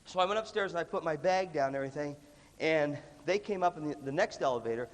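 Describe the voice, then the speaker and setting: Animated middle-aged man in an echoing hall. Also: a little high, fast. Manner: energetic, playful, acts out voices. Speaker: music clinician. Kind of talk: animated workshop talk to students. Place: large hall with a live audience. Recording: hall reverb from a big room.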